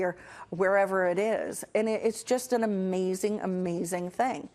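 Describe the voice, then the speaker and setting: A woman's voice: medium pitch, steady tone, normal speed, a little mellow. A middle-aged woman hosting a casual motivational talk, telling stories earnestly with fillers and restarts. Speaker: host.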